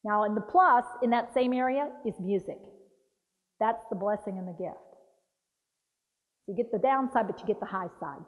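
A woman dementia care trainer giving a lively talk, acting out patient voices. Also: mid-range voice, normal speed, pauses often. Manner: animated, acts out patient voices. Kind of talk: lively training talk with role-play demonstrations. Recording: dull roomy hall recording.

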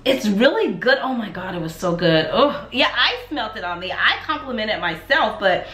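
A woman talks casually to her followers while she gets ready to head out. She rambles from one thing to the next with animated asides. Her voice sits in a middle register, and the room around her rings with a noticeable echo. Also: medium pitch, moderate pace. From United States. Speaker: lifestyle vlogger. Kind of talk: casual chat to camera.

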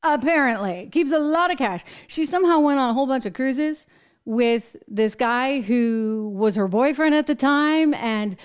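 An American woman hosting a political commentary show, talking in an emphatic, animated way with exasperated asides. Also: high-pitched, moderate pace, smooth. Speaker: show host.

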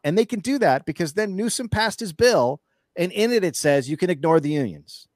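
A man's voice: sits high, animated, fairly quick, no room sound, studio quality. A man speaking as an interview guest in casual chat, ranting with anger and profanity and telling stories animatedly, with frequent restarts.

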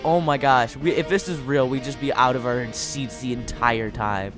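A young man commenting on a game as he rides through it, excitable and rambling, often tripping over his words. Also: mid-range voice, moderate pace, hardly any pauses, soft background music. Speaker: gaming video creator.

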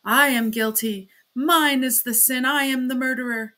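A pale young male workman from an audiobook, short of breath and blunt, as a woman reader voices him. His declarations come fairly loud, in a voice pitched a little high. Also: a little slow, exaggerated voice. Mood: desperate.

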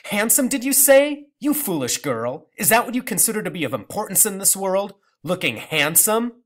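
A man's voice: medium pitch, sing-song, moderate pace. A man voicing a scornful old grandmother. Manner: sharp, indignant, raised voice. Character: bitter scolding elderly grandmother.

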